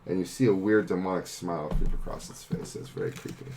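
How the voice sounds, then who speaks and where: A man's voice: deep voice, fast talker, dark tone, a little hiss or hum. A young man narrating as game master of a tabletop game, loose and chatty with many fillers.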